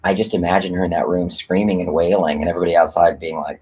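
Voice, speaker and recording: A man's voice: low voice, level tone, very fast, hardly any pauses, a little mellow, breathy edge. A man hosting a live stream and talking casually about rewriting a script, rambling and candid, with lots of fillers and casual swearing. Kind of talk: casual livestream chat.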